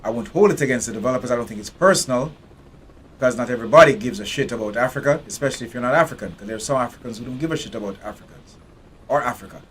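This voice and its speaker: A man giving spoken commentary on a video game, frank and sardonic, pausing and restarting mid-thought. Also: medium pitch, fairly bright tone, slight background noise. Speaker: game reviewer.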